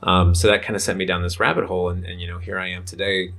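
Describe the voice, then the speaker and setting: A man's voice: sits low, flat delivery, quick pace, a bit bright. A man talking as a podcast guest in casual, rambling conversation, full of fillers. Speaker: podcast guest, men's coach.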